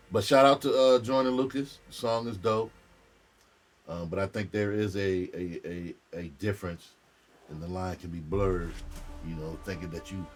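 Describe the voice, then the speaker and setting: A middle-aged male comedian chatting casually on a livestream, candid and profane, rambling as he talks. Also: deep voice. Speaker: comedian and streamer. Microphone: streaming mic.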